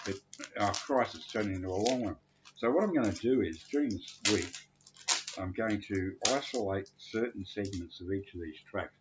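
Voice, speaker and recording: Casting: low-voiced man, a bit drunk, crude rambling monologue, dull lo-fi sound. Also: a little hiss or hum. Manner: crude, rambling, cursing freely. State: tipsy.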